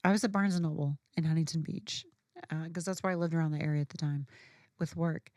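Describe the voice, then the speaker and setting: A woman's voice: low voice, steady tone, quick pace, darkish tone, no echo, clean studio sound. A woman guest on a casual podcast, telling a story candidly and animatedly, with plenty of swearing.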